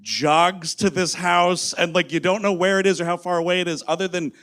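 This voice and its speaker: Excitable high-voiced man riffing on stage. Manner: excitable, profane, drops into quick impressions. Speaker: podcast co-host. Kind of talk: live comedy podcast riffing on a movie. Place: comedy club stage before an audience.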